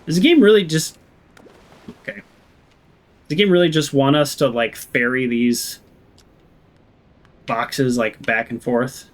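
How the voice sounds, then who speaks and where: A man's voice: medium pitch, steady tone, slow, pauses often, low-quality recording. A man playing through a video game and commenting as he goes, musing aloud in a sarcastic, grumbling way. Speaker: gaming channel host. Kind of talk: let's play commentary.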